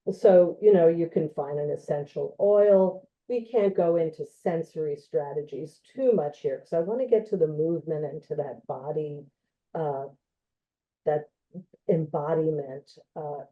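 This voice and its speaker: A woman with a low voice gives an informal educational talk at an unhurried, gentle pace. She speaks conversationally, with frequent ums and you-knows. Her voice comes through a thin, tinny, phone-like online connection. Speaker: occupational therapist presenting a talk.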